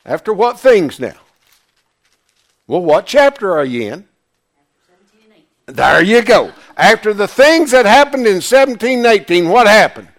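A man's voice: high voice, sing-song, unhurried, pauses often, fairly bright tone. A man preaching a sermon, emphatic, firing questions at the congregation. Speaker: pastor.

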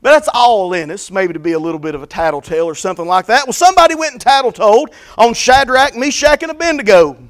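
A man preaching a fervent sermon, moving between quiet folksy stories and loud repeated calls of blessing. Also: high voice, expressive, fast talker, few pauses.

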